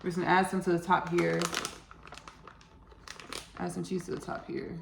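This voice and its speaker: A woman talks her way through a home recipe in a loose, rambling chat, calling out to her viewers as y'all. Her fairly low voice has a heavy gravelly fry. The kitchen around her rings with a roomy echo. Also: completely flat delivery, moderate pace, heavy background noise. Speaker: home cook and channel host. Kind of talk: casual cooking vlog chat.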